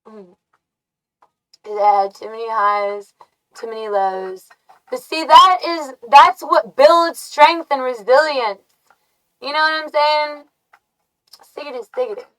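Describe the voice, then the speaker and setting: A woman live streaming from a dark room, chatting casually, musing and often laughing or humming to herself. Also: sits high, expressive, slow pace, pauses often. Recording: voice from far off the mic.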